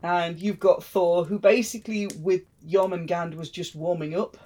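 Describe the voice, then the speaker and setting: A woman's voice: fairly low pitch, fairly even intonation, normal speed, warm tone, low-quality recording. A woman hosting a podcast, retelling a myth in a chatty, wry way. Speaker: podcast host.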